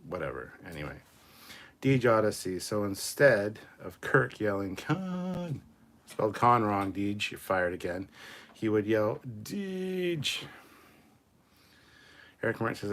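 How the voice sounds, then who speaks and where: Husky, foul-mouthed male livestream host. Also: low-pitched, fairly quick, a bit bright. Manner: profane, rambling, self-mocking. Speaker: livestream host reading chat. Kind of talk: casual livestream chat.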